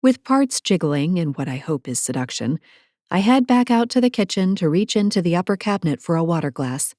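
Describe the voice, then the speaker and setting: A woman's voice: fairly low pitch, expressive, a little fast, a little mellow, no room sound, clean studio sound. Sassy woman narrating romance. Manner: sassy, playful asides, breathy whispers in intimate moments. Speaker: audiobook narrator. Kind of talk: first-person romance narration. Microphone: close studio mic.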